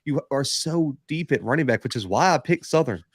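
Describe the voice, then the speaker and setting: A man's voice: medium pitch, expressive, brisk, husky, no room sound, studio quality. A man co-hosting a sports podcast, making emphatic points about players and play-calling in repeated phrases. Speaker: podcast co-host. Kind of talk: casual sports analysis.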